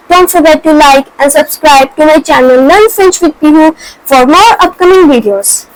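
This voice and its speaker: A woman teaching a beginner language lesson, explaining step by step and slowly repeating each example word for practice. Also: very high voice, dry recording, low-quality recording. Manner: slow, deliberate, repeats example words for practice. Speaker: French teacher. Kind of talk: scripted lesson narration.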